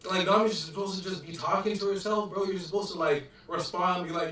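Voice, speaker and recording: A young man in heated, slang-heavy commentary, swearing through an exasperated rant in a fairly high, bright, forceful voice. He sits back from the mic in an echoey room. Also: fairly even intonation, a little fast, recorded from a distance. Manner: profane, slangy, exasperated rant with constant "bro". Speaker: commentator reviewing a show.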